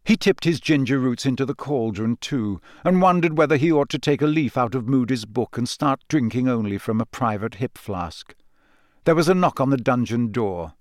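A man narrating an audiobook in a steady, measured reading voice. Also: medium pitch, no room sound, clean studio sound. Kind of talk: scripted narration.

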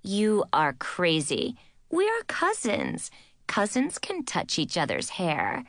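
A woman's voice: mid-range voice, wildly swooping pitch, slow pace, no echo, studio quality. A woman voicing a haughty, rich schoolgirl cousin with an Italian accent, smug and teasing.

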